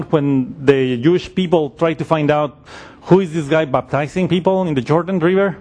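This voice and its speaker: Preacher, male, fairly high pitch, explanatory sermon delivery that thinks aloud as it goes. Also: a little mellow.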